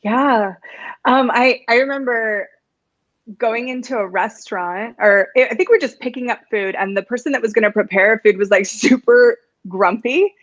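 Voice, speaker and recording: An enthusiastic woman hosts a casual chat, bubbly and quick to laugh, her voice a bit high. The sound is dry and muffled, with little room and dulled highs. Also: dry recording. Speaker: host.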